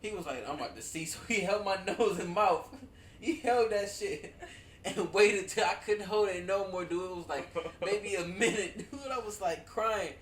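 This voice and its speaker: A man casually telling childhood stories to friends, animated and profane, laughing often and saying "dude" a lot. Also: sits high, measured pace, far from the mic, a little hiss or hum. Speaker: storyteller among friends. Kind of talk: casual chat. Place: at home with friends over wine. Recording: roomy, away from the mic.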